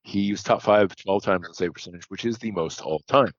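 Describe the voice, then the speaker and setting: A man's voice: fairly low pitch, a little fast, no room sound, muffled recording. A man co-hosting a casual podcast, reeling off statistics and correcting himself as he goes. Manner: reels off statistics, corrects himself mid-sentence. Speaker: podcast co-host. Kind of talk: casual stats-heavy podcast chat.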